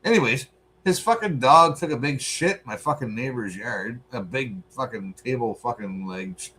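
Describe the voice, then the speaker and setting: A man, co-host of a podcast, telling a profane, animated story in casual chat. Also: medium pitch, normal speed.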